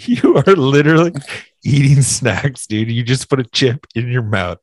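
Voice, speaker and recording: A man's voice: medium pitch, expressive, moderate pace, no room sound, studio quality. A young man co-hosting a casual podcast over a video call, teasing and swearing through laughing rants. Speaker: podcast co-host.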